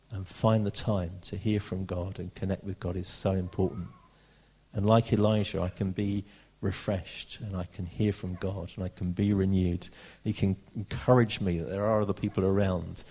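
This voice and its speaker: A British man preaching a sermon, reading scripture aloud and slowing down for emphasis. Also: fairly low pitch, darkish tone. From Britain. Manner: earnest, slows down for emphasis, reads scripture aloud.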